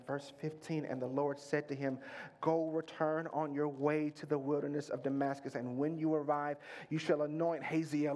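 High-voiced preaching man, lilt. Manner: preaching with rising intensity, then drops to a low intimate voice. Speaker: pastor. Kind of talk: sermon.

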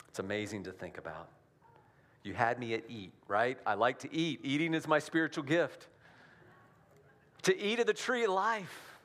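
A man's voice: medium pitch, animated, normal speed, a bit bright. A male pastor giving a sermon in a conversational style, often checking in with the congregation through rhetorical questions.

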